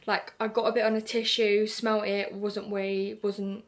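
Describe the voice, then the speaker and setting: A woman's voice: medium pitch, completely flat delivery, moderate pace. A young woman from the UK talks to camera with a British accent, chatty and unguarded. She spills her story in a casual, candid rush, full of fillers and little acted-out reactions. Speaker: vlogger.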